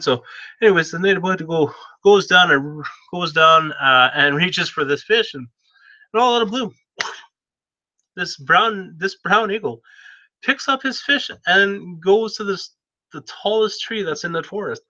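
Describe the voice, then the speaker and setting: A man's voice: on the high side, normal speed, bright, forceful tone, dry recording. A man telling a story in a casual, rambling way, with many restarts, on a dull lo-fi recording.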